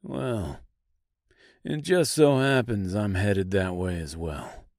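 A tall, plain-spoken tin woodman voiced by a man who answers in an unhurried, dry tone with a sardonic edge. The sound is close and dry, with no room around it. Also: on the low side, vocal fry, dry recording. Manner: flat, sardonic and matter-of-fact. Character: dry, blunt male man made of metal. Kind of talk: audiobook character voice.

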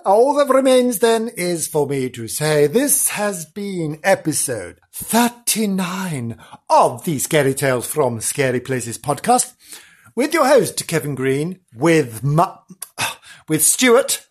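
Male podcast host, husky, lively ups and downs, chatty and self-deprecating. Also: on the high side, takes it slowly. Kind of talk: casual podcast sign-off.

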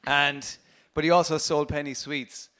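A man's voice: a little high, flat delivery, a bit bright, clean tone. A man with a Limerick Irish accent, a comedian guest telling playful anecdotes on stage. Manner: anecdotal, playful, does quick impressions. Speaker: comedian and meditation teacher guest. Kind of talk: storytelling on stage.

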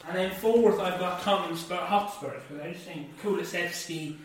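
A man's voice: high-pitched, normal speed. A man co-hosting a casual football podcast, jokey and teasing. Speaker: podcast co-host. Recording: echoey distant mic with faint noise.

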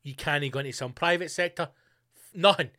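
A man hosting his own podcast, ranting hard and swearing freely. His voice sits a bit higher than most men's. He throws in sarcastic asides as he goes. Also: moderate pace, bright, forceful tone, dry recording, studio quality. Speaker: podcast host.

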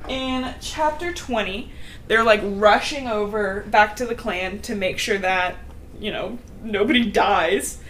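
Young woman co-host, casual chatty recap, frequent laughs, mid-pitched, loose delivery. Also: measured pace, fairly bright tone, a little hiss or hum. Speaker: podcast co-host recapping a book. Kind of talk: casual chat.

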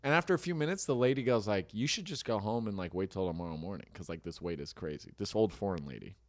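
A man's voice: on the low side, animated, fast talker. A man in casual chat, telling stories and acting out the people in them. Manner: acts out the people in his stories.

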